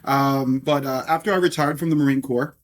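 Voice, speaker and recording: A man's voice: medium pitch, steady tone, a little fast. A middle-aged man, a podcast guest, telling stories in a chatty, anecdotal way and often adding "if you will". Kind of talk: casual storytelling interview.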